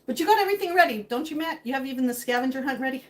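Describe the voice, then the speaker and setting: A woman's voice: high voice, lively intonation, very fast, a little hiss or hum. A woman hosting a live stream from her home kitchen, chatting casually and joking as she answers viewer comments while she cooks.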